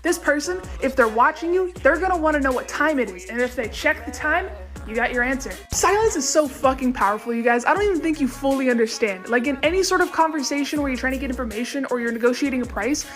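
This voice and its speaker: A woman's voice: high-pitched, expressive, quick pace, soft background music. A young woman delivering a blunt, swear-heavy comic list of facts in a mock-authoritative tone. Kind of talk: deadpan fact-listing comedy rant.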